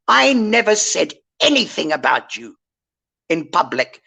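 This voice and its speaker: Older woman host, slow and animated, scolding tone on an online call. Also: mid-range voice, creaky, husky. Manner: indignant, lecturing rant. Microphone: online call mic.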